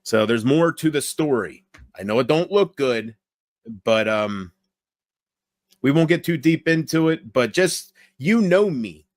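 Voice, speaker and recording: A man streaming late at night. He keeps his voice low and rambles casually while talking straight to his viewers. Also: measured pace, dry recording, clean studio sound. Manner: relaxed, rambling, talks straight to viewers in chat. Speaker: livestreamer.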